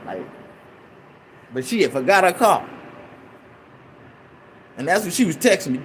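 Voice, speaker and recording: A young man casually telling a rambling, profane story in an animated way. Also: high voice, slight background noise. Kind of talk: casual anecdote.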